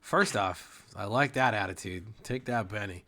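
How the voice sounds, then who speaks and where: A man's voice: lowish voice, moderate pace, bright, forceful tone. A man running a tabletop game over voice chat, casual and laughing, swearing often. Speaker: game master.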